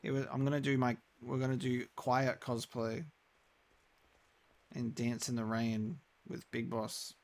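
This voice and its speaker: A man's voice: medium pitch, monotone, unhurried. A young man chatting casually while live-streaming a game, rambling with many restarts.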